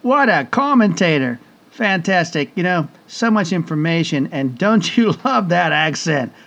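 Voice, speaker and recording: Male podcast host, lively and folksy, somewhat high voice, exclamatory delivery. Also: a little slow, muffled recording. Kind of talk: enthusiastic podcast hosting.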